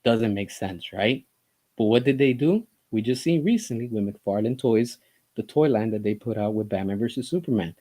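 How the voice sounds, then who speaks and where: A man's voice: on the low side, moderate pace, warm tone. A man giving an opinionated commentary monologue as a vlogger, talking in an impassioned, emphatic way full of rhetorical questions.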